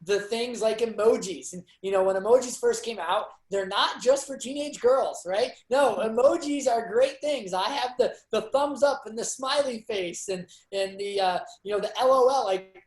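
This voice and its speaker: His voice is very high, his pace moderate, with hardly any pauses, and the room echoes. A sales manager and training host, he gives a casual motivational talk on a video call, rambling in a chatty, upbeat way with lots of fillers.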